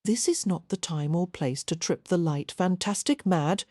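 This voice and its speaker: A woman reading an audiobook, voicing a young gentleman who teases his sister in a wry, unsympathetic way. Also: lowish voice, normal speed, no echo, clean studio sound, close to an everyday voice. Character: dry, teasing young gentleman, her twin brother.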